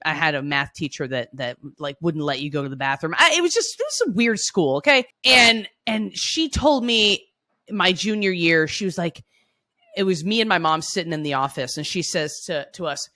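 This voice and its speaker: A woman co-hosting a podcast, telling stories casually with lively restarts and frequent laughs. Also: fairly low pitch, moderate pace. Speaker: podcast co-host. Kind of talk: casual conversational storytelling.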